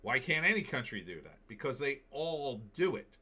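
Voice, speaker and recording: A man's voice: mid-range voice, very animated, normal speed, pushed and bright, slightly rough. A man hosting a political commentary show, giving opinionated, emphatic takes and reading out viewer comments.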